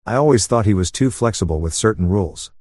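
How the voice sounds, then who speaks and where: A man narrates a first-person story in a steady, even way. His voice sits fairly low. The recording is close and dry, with no room echo. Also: quick pace.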